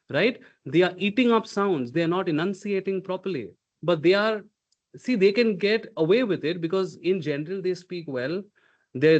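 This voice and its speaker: High-voiced coach who says "okay?" a lot. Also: male voice, dull audio. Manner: emphatic, drills sounds aloud, checks in with "okay?". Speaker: communication coach. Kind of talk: live online workshop coaching.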